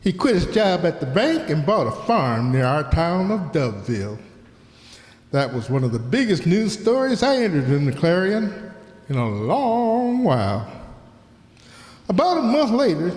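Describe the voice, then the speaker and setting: A man's voice: sits high, very animated, a little slow, darkish tone. A man narrating a community radio play as a small-town newspaper editor, in a folksy storytelling manner. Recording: roomy hall reverb.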